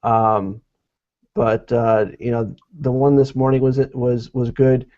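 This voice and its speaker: A man co-hosting a team video call, talking in a halting, casual way with many fillers. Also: medium pitch, level tone, warm tone. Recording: dull lo-fi call audio.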